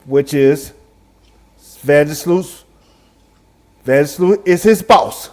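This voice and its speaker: A man's voice: on the high side, slow, a little mellow. A man co-hosting a live sports talk stream, laid-back, with short agreements. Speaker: sports talk show co-host.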